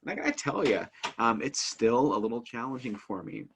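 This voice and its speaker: A man who teaches family life, talking casually to the camera in an earnest, eager way while working to keep his pace slow and calm. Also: medium pitch, slight background noise. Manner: earnest, eager, works at speaking slowly and calmly; frequent fillers and restarts as energy rises. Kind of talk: casual instructional talk to camera.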